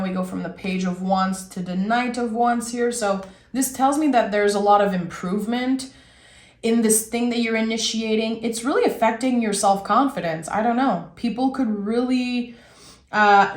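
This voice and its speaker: A woman giving a casual spoken tarot reading, talking in an earnest, rambling and frank way. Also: mid-range voice. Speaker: tarot reader. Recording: roomy echo.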